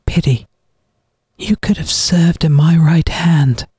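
A man voicing a cruel boy who commands monsters, speaking in a cold, menacing, soft way. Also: sits high, animated, unhurried, breathy edge, dry recording, studio quality, voice pushed up, heavily acted. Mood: coldly menacing.

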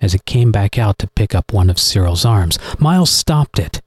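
A man reading a horror story aloud in an expressive, dramatic narrating style. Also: on the low side, moderate pace, slightly rough, dry recording. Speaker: audiobook narrator.

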